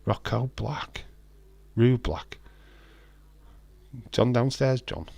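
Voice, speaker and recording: A man's voice: mid-range voice, lively intonation, very slow, vocal fry, a little mellow, no echo. A man hosts a live watch-along stream, commenting casually and bantering with viewers as he reads the chat aloud. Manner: bantering and teasing with viewers, frequent restarts.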